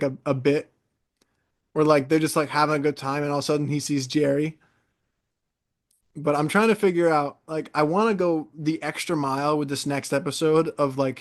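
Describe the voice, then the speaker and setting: A young man from New York chats casually as a podcast co-host, his voice sitting a little higher than most men's. He rambles through an animated story with lots of fillers and restarts. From New York, USA. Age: 20s.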